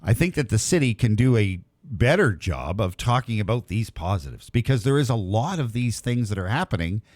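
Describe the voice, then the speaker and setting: A man's voice: on the low side, sing-song, brisk, darkish tone, no echo, clean studio sound. A man hosting a morning radio interview in a conversational, easygoing way. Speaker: radio host.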